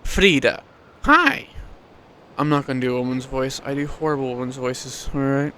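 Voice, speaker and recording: A man's voice: mid-range voice, flat delivery, quick pace, a little hiss or hum. A man playing through a story game, reading the text aloud and adding self-mocking commentary with casual swearing. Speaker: let's play gamer.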